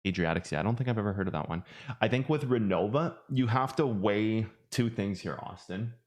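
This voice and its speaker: Fairly quick and a touch mellow, this man's voice sits on the low side and carries an Irish accent. He streams trading, chatting and meandering through live chart commentary while cracking self-deprecating jokes.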